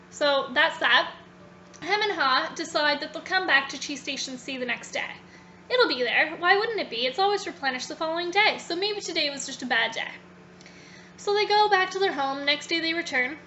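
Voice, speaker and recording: A woman vlogger casually retelling a story in a chatty, animated way, linking her sentences with "so". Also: high-pitched, a little hiss or hum.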